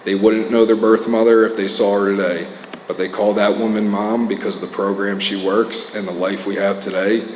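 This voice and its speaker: A man's voice: fairly low pitch, flat delivery, normal speed, a little hiss or hum. Earnest man speaking in a roomy hall. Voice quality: earnest, conversational, full of fillers. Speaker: recovery speaker. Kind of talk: personal testimony talk. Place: meeting hall.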